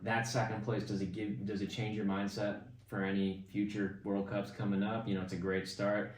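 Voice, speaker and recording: A man hosting a podcast in a relaxed, chatty way with plenty of fillers. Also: lowish voice, moderate pace. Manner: laid-back, chatty, lots of fillers. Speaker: podcast host. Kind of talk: casual chat. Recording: roomy, distant mic.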